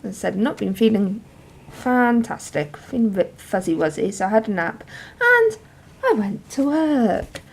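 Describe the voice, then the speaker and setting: A woman's voice: a little high, very animated, moderate pace, creaky, husky. A woman chatting casually to camera about her week, with frequent laughs and ums. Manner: chatty, giggly, many ums. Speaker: journal vlogger.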